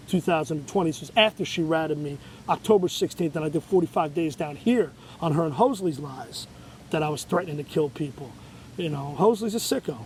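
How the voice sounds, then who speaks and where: A man delivers a long, agitated monologue, swearing freely and circling back on himself. His voice sits somewhat high for a man. A faint hiss of noise runs underneath. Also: darkish tone, low-quality recording. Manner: profane, agitated, rambling. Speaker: show host. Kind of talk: ranting monologue.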